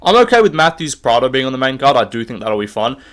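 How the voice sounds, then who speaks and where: A young man rants through his fight picks, swearing freely and looping back on himself. He sounds loose and opinionated, talking at a middle pitch as he stands recording on his own. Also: big pitch swings, quick pace, a bit bright. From Australia. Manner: rambling, profane, opinionated. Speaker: MMA fight predictor. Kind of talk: casual solo rant.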